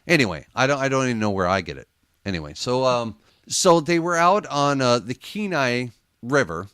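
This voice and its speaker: A man of medium pitch spins a story for a radio interview, his voice rising and falling in a lively, swinging way. He often laughs and mimics other people as he goes, and the studio sound is close and dry. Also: moderate pace, clean tone, dry recording. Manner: animated storyteller, laughs often, acts out quotes. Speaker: paranormal investigator guest.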